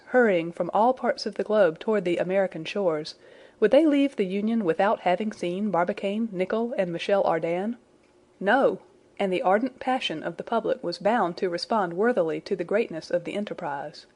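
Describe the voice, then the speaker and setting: A woman reading a classic adventure novel aloud in a measured, even storytelling manner. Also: mid-range voice. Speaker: audiobook reader.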